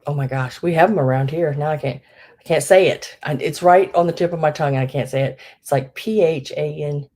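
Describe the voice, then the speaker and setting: A woman's voice: sits low, fairly quick, a little mellow. A middle-aged woman hosting a live vintage sale, chatting casually with many fillers and laughing at herself. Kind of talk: casual live-stream selling.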